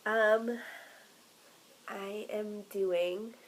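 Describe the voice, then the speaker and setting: A woman co-hosting a crafts podcast in relaxed, giggly casual chat. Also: mid-range voice, very slow, rough recording. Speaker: podcast co-host.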